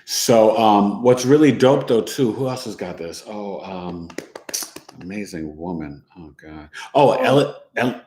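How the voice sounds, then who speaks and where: A man with a lower-pitched voice hosts his own astrology podcast, chatting loosely and wandering off on tangents. His talk is full of fillers and friendly asides. The room around him echoes noticeably. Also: expressive, a little slow, warm tone. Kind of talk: casual monologue.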